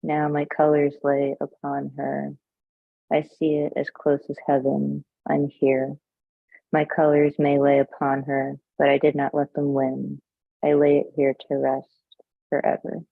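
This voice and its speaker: A woman's voice: low-pitched, completely flat delivery, a little slow, creaky, no room sound. Woman reading poetry over a tinny line. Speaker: poet. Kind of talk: reading her own poetry aloud. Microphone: video call. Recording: tinny phone-like line, dry.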